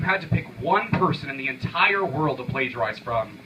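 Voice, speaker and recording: A young man performing an intense, rhythmic spoken word poem at a coffee shop open mic, swinging from quiet lines to sudden shouts. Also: mid-range voice, animated, moderate pace, distant mic, background noise.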